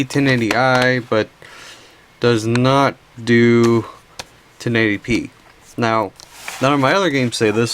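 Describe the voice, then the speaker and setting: A man's voice: medium pitch, fairly bright tone, clean tone. A tired young man casually showing his game collection, rambling with restarts and stifled yawns while filming. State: sleepy. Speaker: collection video host. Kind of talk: casual show-and-tell narration.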